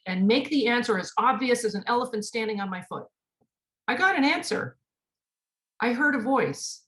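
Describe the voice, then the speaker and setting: A middle-aged woman speaks as the host of a spiritual talk, working through a personal story. Her voice sits at a medium pitch, and she slips into the quoted dialogue as she tells it. The telling stays earnest throughout.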